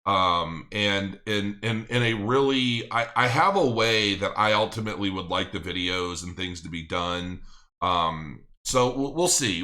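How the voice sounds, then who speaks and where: Middle-aged guy rambling on his live stream, kinda bright forceful tone. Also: low-pitched. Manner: rambling, thinking aloud with many restarts. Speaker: crypto channel host. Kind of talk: casual livestream chat, reading viewer comments.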